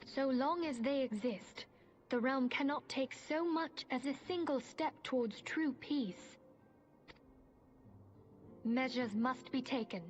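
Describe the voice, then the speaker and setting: In a game cutscene, a woman voices a solemn, learned female mage, her high voice formal and measured with archaic phrasing. The audio is muffled game sound with soft music underneath.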